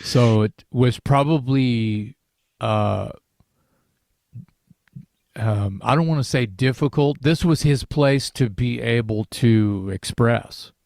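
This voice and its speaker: A man's voice: medium pitch, slow, gravelly, a little mellow, no echo. Guy rambling about an album on a podcast, lots of uh and restarts, mid voice, dead dry sound. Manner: rambling, many restarts and fillers. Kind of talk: casual podcast album discussion.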